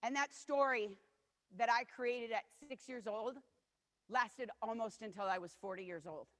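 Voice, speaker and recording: A woman's voice: fairly high pitch, unhurried, fairly bright tone. A woman in her forties giving a motivational keynote, telling personal stories in an earnest, personal way. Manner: personal, earnest, acts out quotes of others. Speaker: keynote speaker. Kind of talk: motivational storytelling speech. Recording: long hall reverb.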